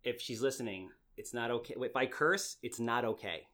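A man's voice: medium pitch, normal speed, fairly bright tone. A man in his thirties with a New York accent, hosting a casual podcast chat in a brash, joking way that is full of swearing. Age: 30s. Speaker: podcast host.

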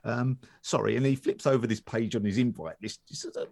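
A man's voice: mid-range voice, brisk, vocal fry, hardly any pauses, darkish tone. A man, co-hosting a casual chat and rambling through anecdotes. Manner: rambling anecdotes with many fillers and restarts. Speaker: podcast co-host.

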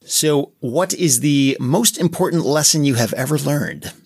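A man hosting a podcast interview, relaxed and reflective as he asks questions. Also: fairly high pitch, measured pace, gravelly, husky. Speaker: podcast host. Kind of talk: casual interview.

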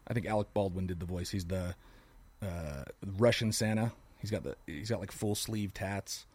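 A man and father co-hosting a podcast, telling jokes and animated stories in casual chat. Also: low voice, moderate pace, slightly rough, no room sound. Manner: joking, animated storyteller.

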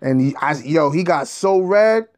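A man in a casual monologue, telling a story in an animated, streetwise way, with profanity and slang. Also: a little high, unhurried.

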